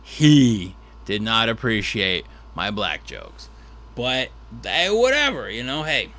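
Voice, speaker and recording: A man's voice: on the low side, sing-song, slow pace, sharp tone. A man who is a stand-up comedian, telling a rambling, self-deprecating story with restarts and asides. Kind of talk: storytelling monologue.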